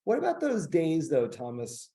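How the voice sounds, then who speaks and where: A man's voice: a little high, wildly swooping pitch, normal speed, dark tone. A man co-hosting a podcast, chatting casually in an upbeat way with lots of filler words. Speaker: podcast co-host. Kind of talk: casual chat.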